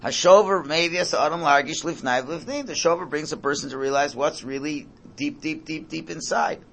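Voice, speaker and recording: A man's voice: fairly high pitch, normal speed, vocal fry, fairly bright tone. Emphatic man teaching a Torah class. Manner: emphatic, repeats phrases, mixes in Hebrew and Yiddish terms.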